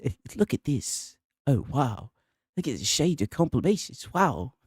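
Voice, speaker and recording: A man putting on a mocking impression of an awestruck gamer man gushing over graphics, slow and earnest. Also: mid-range voice, sing-song, darkish tone, husky, no room sound, studio quality, heavily acted.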